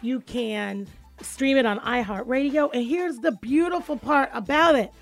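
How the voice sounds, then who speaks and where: Woman hosting a radio show, kinda high voice, joking around, faint music under it. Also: unhurried, gravelly. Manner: playful, teasing, animated. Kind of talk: casual radio chat. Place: radio studio.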